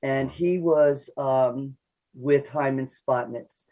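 Older female analyst guest; quick, chatty, self-deprecating; muffled lo-fi radio line. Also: very deep voice, warm tone. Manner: fast, chatty, laughs at herself. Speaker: psychoanalyst guest. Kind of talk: radio interview. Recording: dull lo-fi radio audio.

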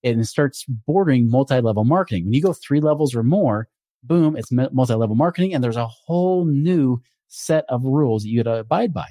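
Man, casual finance explainer, skeptical, conversational, lively pitch, warm dark timbre. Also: a little fast, dry recording. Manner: animated, skeptical, conversational with many asides. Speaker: financial commentator.

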